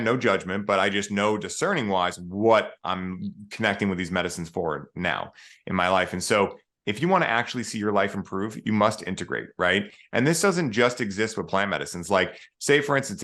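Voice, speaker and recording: Male guest, lower register, bright and forceful, earnest and spiritual in casual conversation. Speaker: podcast guest.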